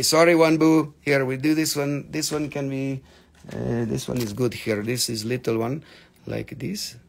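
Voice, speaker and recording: A man running a live sales stream, joking, swearing and excitable, while he is losing his voice. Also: mid-range voice, creaky.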